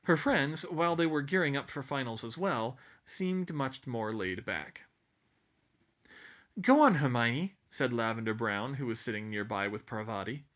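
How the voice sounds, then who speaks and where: A man narrating an audiobook in a lively, expressive reading voice. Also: mid-range voice, moderate pace, hardly any pauses. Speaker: audiobook reader.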